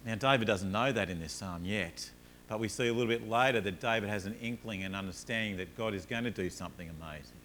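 A man preaching a sermon, telling everyday stories with rising energy, then dropping low and soft to make his points. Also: quick pace, a little hiss or hum. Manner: earnest, rises animatedly in stories, drops low and soft on points. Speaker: pastor.

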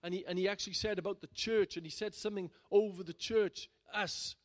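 Pastor telling a story from the pulpit. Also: male voice, high voice, steady tone, fairly quick. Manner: conversational storytelling, building to loud emphatic bursts. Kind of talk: sermon testimony.

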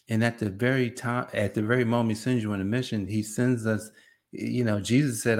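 A man giving a casual devotional talk as a preacher, animated and jumping from low mutters to high, excited outbursts. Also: gravelly. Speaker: preacher and podcast host.

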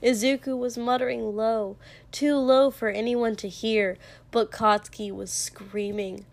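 A woman narrates a dramatic story aloud in a hushed voice. She takes her time with each line, in a slightly high register. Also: steady tone, unhurried, vocal fry, no echo. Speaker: story reader. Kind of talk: dramatic fan-fiction reading.

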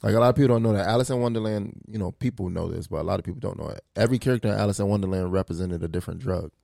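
Low gravelly guy rambling on in a casual podcast chat, dry close sound. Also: rapid-fire, dark tone, no echo. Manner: explains at length, drifting off topic. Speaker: podcast co-host.

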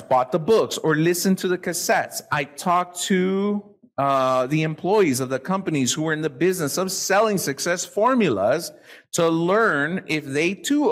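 A man giving a live motivational talk to an audience, animated and profane, acting out the people he quotes. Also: a little high. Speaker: motivational speaker.

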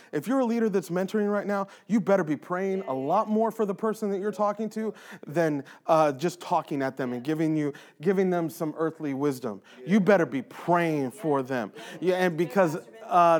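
High-voiced church guy, earnest, hammers the same phrase over and over. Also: darkish tone. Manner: earnest, emphatic, repeats phrases for stress. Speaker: church leader. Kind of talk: casual faith talk.

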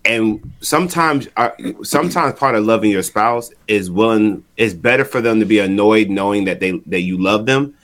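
A man's voice: on the low side, normal speed, hardly any pauses, fairly bright tone. A man speaking candidly on a podcast about his marriage and ministry, telling a personal story in an earnest way and repeating phrases for emphasis.

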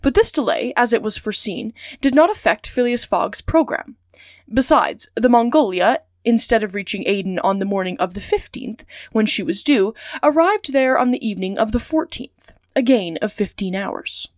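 A woman reads a classic adventure novel aloud for her story podcast, clear and steady from line to line. Her voice sits a little high, and the sound is close and dry. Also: normal speed, no room sound.

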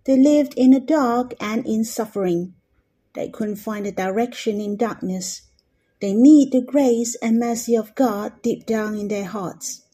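A woman giving an earnest, gentle devotional Bible reflection, leaning on key words for emphasis. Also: fairly high pitch, breathy edge. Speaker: devotional speaker.

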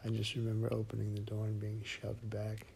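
Hushed, gravelly-voiced man telling a dark tale. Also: lowish voice, monotone, a little hiss or hum. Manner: slow, hushed, often whispered delivery. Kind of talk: first-person horror story narration.

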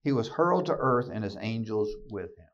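A man's voice: fairly low pitch, big pitch swings, a little fast, lo-fi sound. A man giving a fiery keynote sermon to a room of listeners, emphatic and rallying, often restarting his words. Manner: emphatic, rallying, with many repeated word restarts. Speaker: keynote speaker and podcast host. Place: meeting room with an audience.

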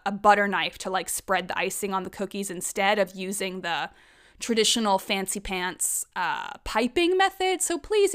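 A young woman hosting an astrology podcast, telling weekend stories in a chatty, animated way with some swearing. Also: medium pitch, clean tone. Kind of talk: casual chat.

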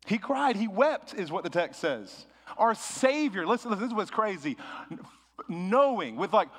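Man, pastor, high voice, sermon, conversational preaching, emphatic bursts. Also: fairly bright tone, big-room sound.

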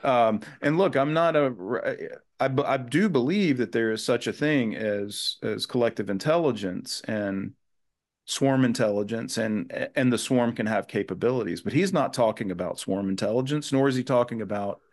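A man's voice: mid-range voice, normal speed. A man as a guest author in a conversational podcast interview, speaking in an earnest, thoughtful way with frequent restarts.

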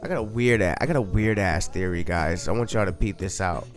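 A man co-hosting a casual podcast chat, laid-back and slangy, swearing freely and sounding high. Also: a little fast, faint music behind. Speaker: podcast co-host.

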